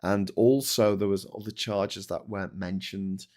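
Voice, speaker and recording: A man's voice: low voice, fairly even intonation, a little slow, darkish tone. A man with an English accent hosting a casual live-stream chat, ranting and swearing freely as he reads viewer messages and newspapers. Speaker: host.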